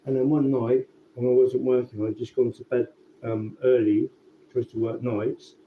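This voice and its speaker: A man telling a rambling, sweary story in a casual, relaxed way. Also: mid-range voice, normal speed. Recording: tinny phone-like sound with faint background noise.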